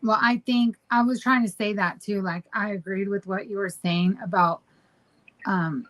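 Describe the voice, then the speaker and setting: A woman co-hosting a relaxed podcast chat with her husband. She rambles and circles back on her points, and she teases him as she talks. Her pitch sits in an ordinary middle range. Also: moderate pace, rough recording. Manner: rambling, teasing, goes back and forth. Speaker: podcast co-host. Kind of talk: casual chat.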